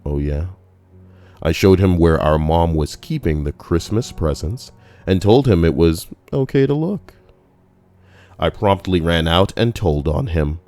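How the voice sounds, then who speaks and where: A man's voice: low-pitched, lively intonation, measured pace, warm tone, dry recording. A man reading forum stories aloud with comedic commentary, crude and profane, full of jokey asides. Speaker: YouTube narrator reading forum posts.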